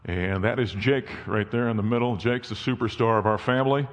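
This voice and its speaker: A man's voice: on the low side, steady tone, a little fast. Folksy man preaching in a reverberant hall. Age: 50s. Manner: folksy, personal storytelling. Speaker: guest speaker. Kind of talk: sermon. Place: church.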